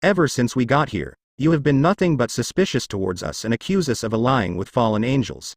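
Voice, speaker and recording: Narration and dialogue alike come from one man reading a fan story, his intonation lively and his pitch moving a lot. He goes briskly, and the dry, close recording carries no echo or room ambience.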